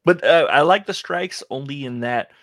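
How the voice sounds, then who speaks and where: A man's voice: medium pitch, normal speed, fairly bright tone, no room sound, studio quality. A man co-hosting a casual podcast chat, laid-back and making joking asides. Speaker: podcast co-host.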